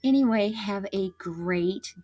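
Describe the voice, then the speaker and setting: A woman reading a storybook aloud to children, expressive and laughing along. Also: medium pitch, slow pace.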